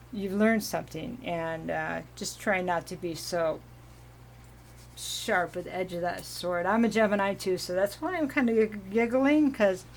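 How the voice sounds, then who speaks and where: A woman giving a casual, meandering tarot reading at home, giggling now and then and clearing her throat from allergies. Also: mid-range voice, slight background noise. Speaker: tarot reader.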